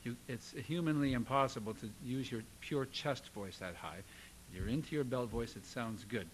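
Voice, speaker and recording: A man teaching a singing lesson, coaching a student with lively encouragement and sung demonstrations. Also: medium pitch, normal speed, slight background noise, low-quality recording.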